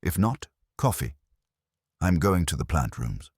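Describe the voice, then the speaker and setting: Guy doing a bossy genius detective, super deep, curt and dismissive. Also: big pitch swings, measured pace, slightly rough, dry recording, studio quality, heavily acted. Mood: commanding. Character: stout imperious male genius detective.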